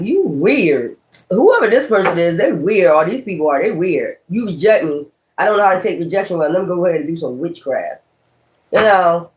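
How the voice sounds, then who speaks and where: A man doing a casual tarot reading, talking in a blunt, profane, rambling and preachy way. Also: sits high. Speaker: tarot reader.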